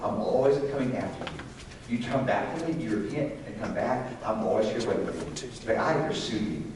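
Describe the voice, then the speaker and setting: A man's voice: on the low side, lively intonation, a little fast, noisy background. Older man teaching a church class from afar. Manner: conversational, asks the class questions. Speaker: Sunday school teacher. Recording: echoey room from far off.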